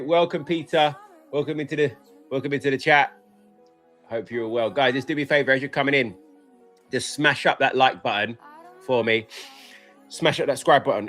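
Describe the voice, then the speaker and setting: A young man hosts a live trading stream from his desk mic, talking casually and rambling through his points. He's excitable and breaks into laughter now and then, with his voice at an everyday middle pitch. Faint music runs quietly underneath.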